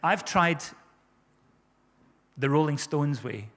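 A man's voice: a little high, lively intonation, slow, a bit bright, long reverb tail. A man preaching a sermon as pastor, fervent and repeating his phrases for emphasis.

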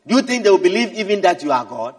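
A man preaching a sermon, swinging from quiet asides to shouted exhortations. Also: sits high, big pitch swings, fast. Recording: echoey hall, mic at a distance.

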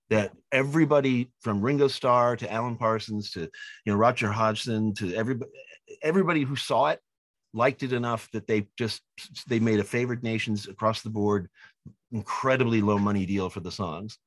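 A man, a film director being interviewed, telling lively anecdotes and acting out the people he quotes. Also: lowish voice, fairly quick, dry recording. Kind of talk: animated storytelling in an interview.

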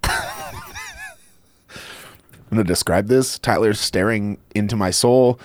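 A man's voice: on the low side, slow, slight background noise. A man co-hosting a podcast, chiming in with wry jokes and banter in casual chat. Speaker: podcast co-host.

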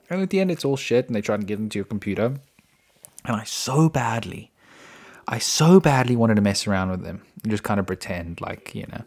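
Low-voiced man rambling casually. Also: lively intonation, a little fast. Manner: rambling, chatty, with frequent "you know" and restarts. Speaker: podcast host. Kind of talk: casual solo monologue. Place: indoors at home.

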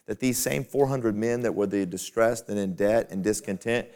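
A man's voice: fairly low pitch, moderate pace, warm tone. A man preaching a sermon to fellow pastors in a folksy, conversational way that climbs to emphatic peaks.

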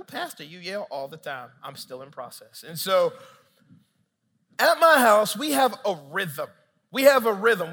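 High-voiced male pastor preaching. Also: gravelly, big-room sound. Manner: animated, humorous storytelling with asides to the congregation. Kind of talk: sermon.

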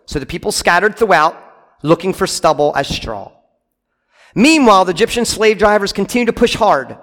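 High-voiced pastor preaching in a reverberant hall. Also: male voice, animated, normal speed, a bit bright. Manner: emphatic, conversational asides to the congregation. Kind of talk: sermon with scripture reading.

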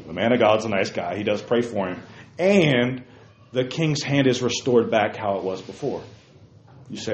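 Animated man teaching a Bible lesson. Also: mid-range voice, normal speed, a little hiss or hum. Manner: animated, emphatic, addresses group as "guys". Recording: roomy, dull lo-fi recording.

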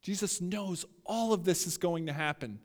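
A male pastor preaching a sermon, emphatic and building to loud peaks as he talks straight to his listeners. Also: high voice, moderate pace, big-room sound.

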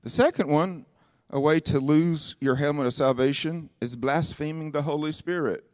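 Male preacher in church, gets loud and sing-songy then goes quiet and chatty, dry close sound. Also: fairly high pitch, normal speed, no room sound. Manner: impassioned, shouting and sing-song preaching that drops to asides. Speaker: pastor. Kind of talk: sermon.

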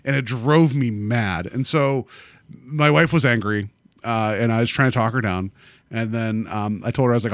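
A man chatting casually about a movie, animated and rambling, full of fillers and restarts. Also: mid-range voice, normal speed, no room sound.

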